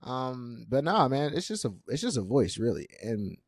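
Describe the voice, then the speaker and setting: A man's voice: medium pitch, very animated, normal speed, breathy edge, dry recording, clean studio sound. A young man in his twenties hosting a casual solo podcast, chatty and self-deprecating with lots of fillers. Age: 20s. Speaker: podcast host.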